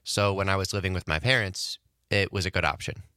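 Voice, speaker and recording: A man's voice: deep voice, a little fast, bright, forceful tone, clear, resonant tone, dry recording. A young male radio producer from Wisconsin, answering on a studio mic in a hesitant, thoughtful way with many fillers.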